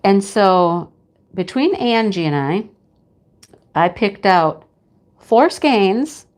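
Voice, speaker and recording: Middle-aged woman, livestream host, chatty and quick to laugh, pitch swinging all over; casual chat with viewers. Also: lively intonation. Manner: chatty, laughs often, greets chat by name.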